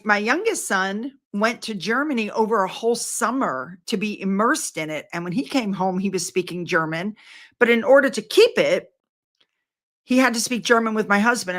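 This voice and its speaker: A woman's voice: mid-range voice, expressive, normal speed, a bit bright. An older woman chatting casually to her viewers in a rambling, effusive way. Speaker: vlogger.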